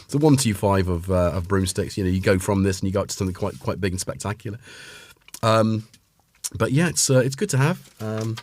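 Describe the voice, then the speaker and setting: A man's voice: on the low side, expressive, a little fast, darkish tone. A man from North Wales with a North Welsh accent, hosting a casual livestream and chatting in a rambling way while reading out viewers' names. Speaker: host.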